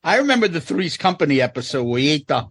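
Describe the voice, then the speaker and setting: Swearing, animated man telling stories. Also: on the high side, quick pace, slightly rough, dry recording, studio quality. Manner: animated storyteller, swears a lot. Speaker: podcast co-host. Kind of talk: casual chat.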